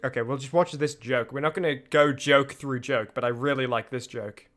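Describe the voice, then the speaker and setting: A man's voice: mid-range voice, moderate pace, fairly bright tone. A man streamer giving loose, laughing commentary on his own videos, full of restarts. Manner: rambling, laughs often, many restarts.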